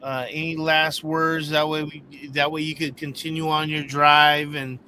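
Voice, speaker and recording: A man hosting a casual interview show, eagerly cheering his guest on with quick hyped affirmations. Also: on the high side, flat delivery, sharp tone, slight background noise. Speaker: host.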